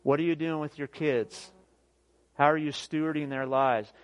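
A man in his thirties preaching a sermon as pastor, emphatic, swinging from near shouts to quiet, often asking "guess what". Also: fairly high pitch, fairly even intonation, moderate pace. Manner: emphatic preaching, rising to near shouts then dropping soft; repeats "guess what" and laughs at his own jokes.

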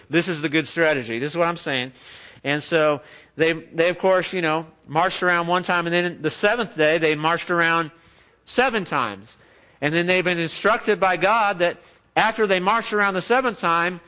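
A man's voice: high-pitched, bright, forceful tone. Conversational man preaching a sermon. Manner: conversational, joking asides with the congregation. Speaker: pastor. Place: church.

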